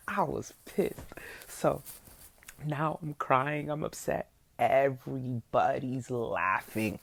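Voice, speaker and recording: A young adult woman, a podcast host, telling a childhood story in a casual, animated way and acting out her younger self. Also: sits low, a little slow, creaky.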